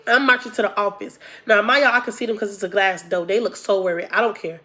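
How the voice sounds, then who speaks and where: A young woman vlogger telling a casual storytime, animated and acting out the people she quotes. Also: medium pitch, quick pace.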